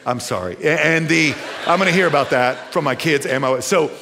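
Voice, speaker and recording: A middle-aged man preaching a sermon as pastor, animated, moving from hushed passages to near-shouting. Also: fairly high pitch, brisk, gravelly, noisy background.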